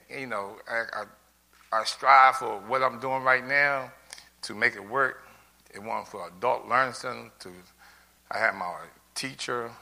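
A man's voice: mid-range voice, bright, forceful tone. A middle-aged man giving an earnest, tearful testimonial, rambling with many restarts. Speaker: adult learner giving a testimonial. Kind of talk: heartfelt personal testimony speech.

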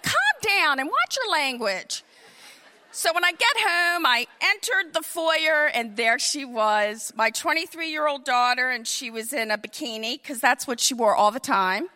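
A middle-aged woman telling a funny personal story, animated, acting out quotes in shifting voices. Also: on the high side.

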